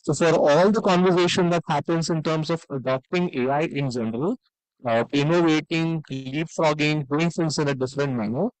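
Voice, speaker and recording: A man's voice: a little high, normal speed, clear, resonant tone, no room sound, rough recording. A man giving a conference keynote, conversational, with frequent "right?" tags and "uh" fillers. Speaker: conference speaker. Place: conference hall.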